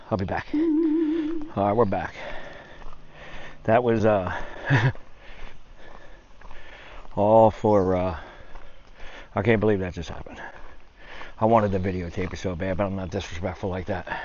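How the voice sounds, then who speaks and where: A man's voice: low-pitched, steady tone, moderate pace, long pauses, a little mellow. A man out of breath, chatting casually to his camera while climbing a steep mountain trail, swearing now and then. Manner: chatty, swears casually, puffing between phrases. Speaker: hiking vlogger. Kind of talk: casual vlog narration while hiking. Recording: dull lo-fi camera audio with faint noise.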